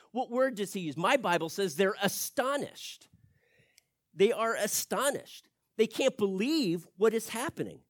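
A man preaching an expository sermon, animated and acting out the people he quotes. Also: high voice, dry recording, clean studio sound. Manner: animated, acts out quoted speech.

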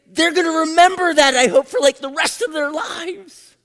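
An older man preaching a sermon and telling a personal story, swinging from hushed whispers to loud, emotional outbursts. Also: very high-pitched, moderate pace. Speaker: pastor. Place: church. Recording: long hall reverb.

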